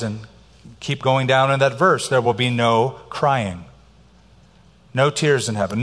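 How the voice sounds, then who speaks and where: A man's voice: mid-range voice, fairly bright tone. A middle-aged man preaching a sermon as pastor, emphatic and varying his pace for effect. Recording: long hall reverb.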